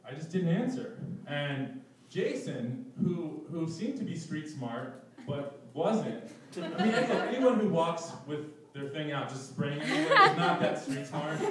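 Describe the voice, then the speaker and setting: A young man telling a personal story at a live event, self-mocking and laughing through his lines. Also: a little high. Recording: echoey room, distant mic.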